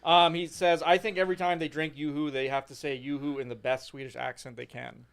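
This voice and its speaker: A man's voice: on the high side, flat delivery, brisk, gravelly, smooth. A man co-hosting a live podcast, reading out listener comments and asking the guest questions in casual banter. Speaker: podcast co-host.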